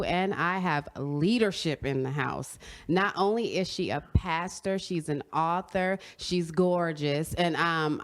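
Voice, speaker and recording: Effusive woman host, low-pitched. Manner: effusive, emotional, gushing praise. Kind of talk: casual chat interview.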